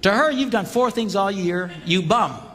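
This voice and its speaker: Animated man joking from a stage. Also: sits high, normal speed. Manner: animated, punchy, with shouted sound effects. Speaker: marriage seminar speaker. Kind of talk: comedic seminar talk. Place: large hall before a live audience. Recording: reverberant hall with background noise.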